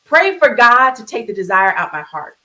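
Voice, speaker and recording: A woman's voice: fairly high pitch, sing-song, moderate pace, bright, forceful tone, poor audio. A woman co-hosting a talk show, telling a painful personal story in an earnest way, close to tears at times, with restarts and fillers, while she cooks on a video call. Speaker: podcast co-host.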